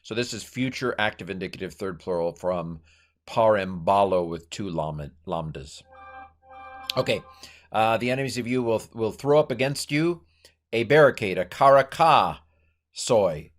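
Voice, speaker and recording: A middle-aged man teaches Greek in a loose, unscripted way, pausing to search for forms and correcting himself often. His voice sits a little low, and he lightens the grammar with playful asides. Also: lively intonation, soft background music. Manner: thinks aloud, halting with many fillers and self-corrections. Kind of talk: informal Bible language lesson.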